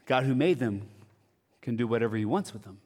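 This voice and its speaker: A man preaching a sermon as a pastor, conversational and animated, now and then dropping to a quiet voice. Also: medium pitch, brisk, big-room sound.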